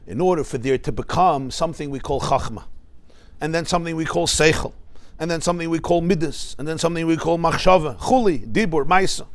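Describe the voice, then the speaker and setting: Male rabbi teaching a class, slightly high-pitched, explanatory tone. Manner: explanatory, lively teaching with Hebrew terms and questions to listeners. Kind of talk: Torah lecture.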